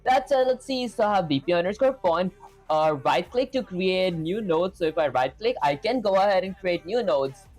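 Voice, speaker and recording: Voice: medium pitch, animated, normal speed, darkish tone, soft background music. A live coding streamer giving a casual tutorial while thinking aloud, with plenty of "okay" and "let's go ahead" as they work through each step.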